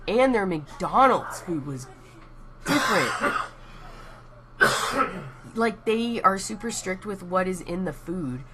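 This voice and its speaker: A woman's voice: mid-range voice, lively intonation, slow, pauses often, very noisy. A young Texan woman chatting casually and rambling on a live stream, laughing at herself as she goes. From Texas.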